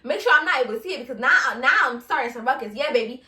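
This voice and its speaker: A young woman, hosting a casual solo podcast, blunt and animated, laughing between profane rants. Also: high voice, fast, hardly any pauses, echoey room, far from the mic. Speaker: podcast host.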